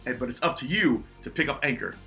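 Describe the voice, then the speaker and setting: Male motivational speaker, earnest and preachy, ringing bright tone, light music bed. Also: medium pitch, lively intonation, fast, gravelly. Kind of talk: motivational talk.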